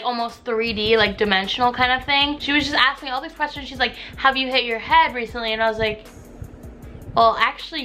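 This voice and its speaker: A young woman vlogger tells a story to her camera, chatty and dramatic. Her voice sits fairly high and sounds bright and sharp, and "like" fills nearly every phrase. Soft music plays behind her. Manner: chatty, dramatic, heavy use of "like". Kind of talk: casual storytime vlog.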